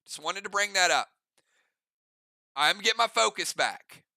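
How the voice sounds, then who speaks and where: A man's voice: high-pitched, expressive, measured pace, gravelly, bright, forceful tone, no room sound. A man running an online role-play game as game master, narrating moves in a casual, chatty way with rambling asides.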